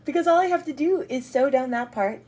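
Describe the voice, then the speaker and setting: A woman's voice: high-pitched, a little fast, a little mellow, poor audio. A young woman casually narrating a sewing vlog in a chatty, self-deprecating way. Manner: chatty, self-deprecating, coos at her dog. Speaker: crafting vlogger.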